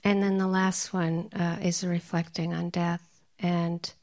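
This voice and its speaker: A woman meditation teacher giving a dharma talk, telling stories, laughing often and dropping into soft whispers. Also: lowish voice, flat delivery, takes it slowly.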